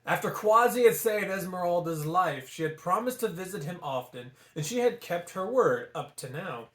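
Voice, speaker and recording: A man hosting a casual read-aloud vlog, animated and jokey, in an echoey room. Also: high-pitched, moderate pace. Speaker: storybook reader.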